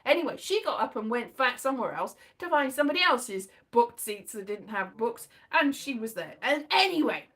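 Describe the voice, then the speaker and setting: High, lively woman telling a story. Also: normal speed, hardly any pauses. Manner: rambling, animated, many restarts and asides. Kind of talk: casual anecdote telling.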